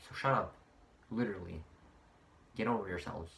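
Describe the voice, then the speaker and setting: A man giving a profane, exasperated sports rant as the host of a vlog, mocking opposing fans and breaking into shouted outbursts. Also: deep voice, normal speed, creaky, slight background noise. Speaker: sports commentator. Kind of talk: ranting vlog monologue.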